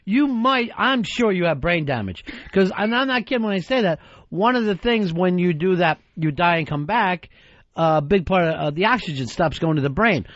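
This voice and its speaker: A man hosting a radio talk show, teasing his co-host with crude insults and deadpan dark jokes. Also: sits high, normal speed, dry recording. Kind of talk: crude comedic radio banter. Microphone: studio microphone. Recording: dull dry radio studio sound.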